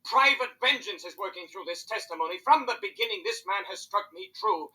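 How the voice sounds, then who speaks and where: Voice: medium pitch, expressive, brisk, bright, forceful tone, low-quality recording. A reader voicing a conscience-stricken male minister in a classroom reading, earnest and pleading. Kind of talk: classroom read-aloud of a play.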